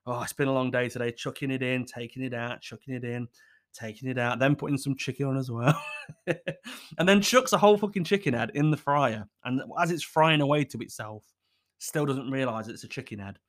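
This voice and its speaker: A man's voice: mid-range voice, moderate pace. Cheeky sweary man podcasting. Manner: cheeky, sweary, laughs at his own jokes. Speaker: podcast host. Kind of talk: casual solo podcast chat. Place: at home in his kitchen.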